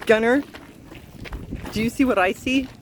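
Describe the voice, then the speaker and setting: A woman's voice: on the high side, unhurried, poor audio. A woman from Canada vlogging while she walks through an outdoor city park, gushing and exclaiming as she talks into a handheld phone. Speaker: travel vlogger. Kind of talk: casual walking vlog. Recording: outdoor park noise behind.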